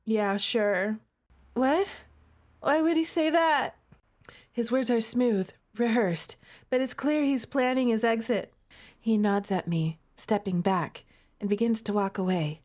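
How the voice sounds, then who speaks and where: A woman's voice: a little high, takes it slowly, a little mellow. A woman streamer reading a romance game's text aloud and reacting with dramatic, playful overreactions. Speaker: gaming streamer.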